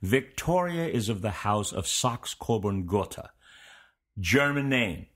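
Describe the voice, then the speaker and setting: A man acting as host and history teacher, giving an informal, meandering lecture to his students in a relaxed, conversational way. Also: on the low side, unhurried.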